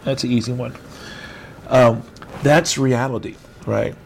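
A middle-aged man delivers an informal sermon over a video call in a gravelly voice of ordinary pitch. He rambles in a conversational way and pokes fun at himself. A faint hiss sits under the voice. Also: fairly even intonation, unhurried. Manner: conversational and rambling, with self-mocking humor. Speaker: preacher.

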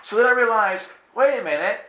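A man tells a personal story with a bright, fairly high voice that swings widely in pitch. He acts out the voices in his tale and laughs often. The room around him is echoey, with faint ambience underneath. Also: animated, a little fast. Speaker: guest telling a testimony. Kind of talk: animated storytelling.

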